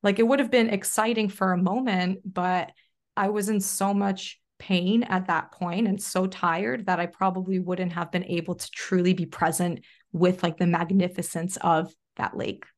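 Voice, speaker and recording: A young adult woman with a lowish voice speaks at normal speed as a podcast guest, chatting her way through a personal story. She's a self-leadership coach, and her casual interview retelling is animated and packed with "like" fillers.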